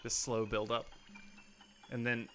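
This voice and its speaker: A man's voice: mid-range voice, slow, a little hiss or hum. Chatty young man streaming a game. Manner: chatty, reacting aloud to the game, easily excited. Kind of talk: casual gameplay commentary. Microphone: headphones and desk mic.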